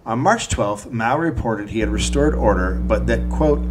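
A man's voice: fairly low pitch, expressive, normal speed, hardly any pauses, noisy background. A man co-hosting a comedy history podcast, reading quotes from his notes and breaking off into profane asides. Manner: profane, reads quotes from notes then riffs.

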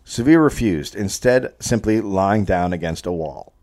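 A man's voice: sits low, expressive, unhurried, heavy background noise. A man tells a history story for a comedy podcast, his voice swinging up and down as he reads. He stops now and then to joke along, slipping into goofy voices.

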